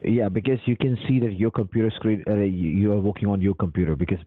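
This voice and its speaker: Phone scammer, male, low raspy voice, pushy instructions, heard through a thin phone line. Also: steady tone, fast. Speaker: scam caller posing as senior technician.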